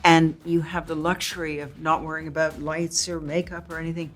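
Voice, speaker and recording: A woman actor in an interview, reminiscing in an animated way and laughing often. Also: deep voice, brisk, faint music behind. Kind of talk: casual interview chat.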